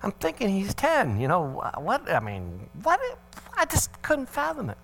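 A man's voice: sits high, measured pace, gravelly, faint music behind. A middle-aged man giving a parenting talk, telling a family story with humor and acting out the voices of the people in it. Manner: animated, acts out family dialogue with swings of voice; humorous, sarcastic asides. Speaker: parenting seminar speaker.

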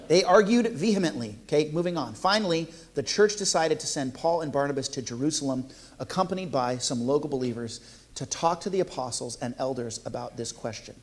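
A man's voice: fairly high pitch, lively intonation, fairly quick. Playful, jokey male preacher. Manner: playful, jokey, talks to the congregation. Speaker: pastor. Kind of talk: sermon.

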